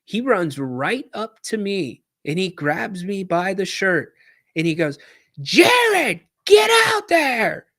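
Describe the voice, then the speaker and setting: A man hosting a podcast, telling a casual story in an animated way and acting out shouted quotes. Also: sits high, slow. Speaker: podcast host.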